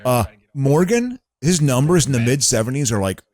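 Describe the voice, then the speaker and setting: A podcast co-host rambles through a casual chat, stopping and restarting, swearing and laughing easily. His medium-pitched voice is a little mellow, swings widely in pitch, and moves at a moderate pace, recorded in studio quality with no room sound.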